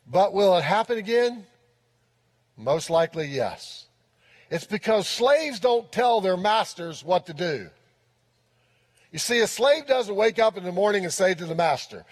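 A man's voice: sits high, expressive, unhurried. A man preaching a sermon as pastor, earnest and repeating his key phrases for emphasis. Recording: long reverb of a large hall.

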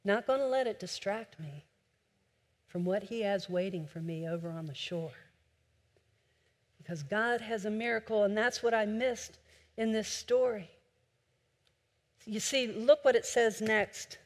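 A woman preaches from the pulpit in a mid-pitched voice. Her delivery is impassioned, rising to loud urging and dropping to a soft hush. The sound carries a long reverb, like a large church sanctuary. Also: measured pace, long pauses. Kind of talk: sermon.

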